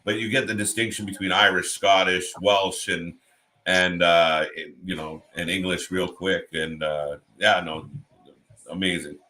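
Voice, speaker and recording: A man's voice: low voice, fairly even intonation, measured pace, pushed and bright. A Canadian man co-hosting a live watch party, rambling in casual chat and reading comments aloud.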